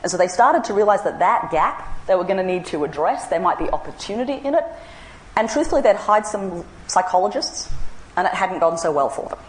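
A woman's voice: fairly low pitch, animated, brisk, echoey room, a little hiss or hum, rough recording. An Australian woman in her forties gives a humorous talk, telling wry anecdotes with self-mocking asides. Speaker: speaker giving a talk. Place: large room with an audience.

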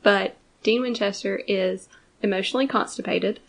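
Give me a young woman co-host making her case in casual podcast chat, with a gravelly edge. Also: medium pitch, steady tone, moderate pace. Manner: emphatic, swears, argues a point.

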